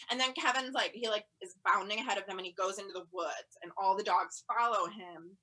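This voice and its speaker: Bright-voiced woman telling a rambling comedy story. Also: mid-range voice, normal speed. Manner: chatty and rambling, heavy on "like", bursts into loud yelled quotes. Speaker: stand-up comedian. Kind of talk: stand-up storytelling over a live video call. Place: at home. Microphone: video call.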